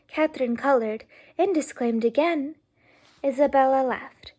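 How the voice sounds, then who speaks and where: A woman reading a classic novel aloud softly and unhurriedly, tired and yawning. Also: sits high, steady tone, moderate pace. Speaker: audiobook reader.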